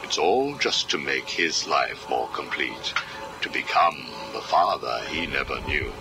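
A calculating villain psychiatrist, his voice extremely deep and unhurried. He interrogates in a measured, coolly menacing drawl that rises and falls a lot, with music playing behind. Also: lively intonation, gravelly, noisy background, heavily acted. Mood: menacing calm. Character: cold calculating male villain psychiatrist, middle-aged. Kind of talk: video game cutscene acting. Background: background music.

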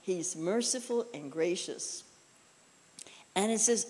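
A woman preacher delivering a relaxed, story-filled sermon in a church. Her voice trails off into a long, echoing reverb. She speaks in an easygoing, folksy way and often drops in "you know.". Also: mid-range voice, unhurried. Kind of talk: conversational sermon with personal stories.

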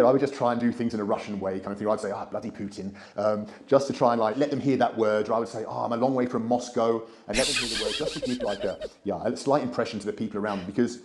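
Brief: British man, interview guest, quick, hesitant, lots of ums. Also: on the low side, a little mellow, slight background noise. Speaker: travel vlogger interviewed. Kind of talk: conversational interview answers.

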